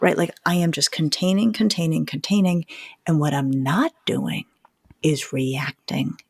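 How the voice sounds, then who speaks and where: A middle-aged woman, a psychologist, explaining parenting advice in an animated chat full of metaphors, sometimes dropping to a near whisper. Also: sits low, a little slow, creaky, breathy edge, no echo, clean studio sound. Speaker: psychologist co-host of a parenting podcast.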